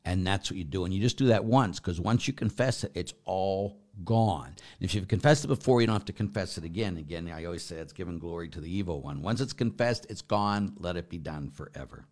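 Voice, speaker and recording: A middle-aged priest with a low voice and lively intonation hosts a live stream, answering chat comments briskly with few pauses. He's warm and self-deprecating, rambling along with frequent fillers.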